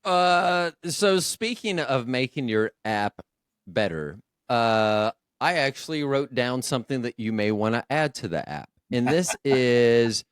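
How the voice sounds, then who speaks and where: A man's voice: medium pitch, smooth, dry recording, clean studio sound. A man hosting a casual podcast chat, rambling and joking at his own expense. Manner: joking, rambling, self-deprecating. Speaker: podcast host.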